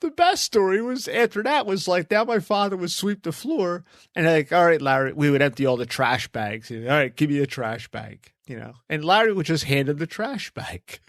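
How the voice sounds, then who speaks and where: A man's voice: fairly high pitch, normal speed, no room sound, clean studio sound. A man in his fifties co-hosting a podcast, telling stories in a casual chat and acting out the people he quotes. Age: 50s. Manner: animated storyteller, acts out quoted voices. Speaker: podcast co-host.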